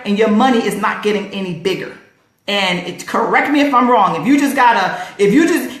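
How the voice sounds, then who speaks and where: A woman hosting a live stream, making an emphatic, repetitive sales pitch and answering viewers by name. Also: a bit bright, reverberant. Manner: laughs often.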